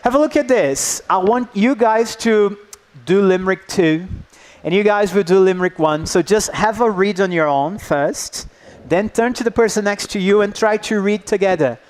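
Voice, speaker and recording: A man presenting a live workshop to teachers, lively and engaging, often checking in with the group. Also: high voice, normal speed. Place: indoor workshop room.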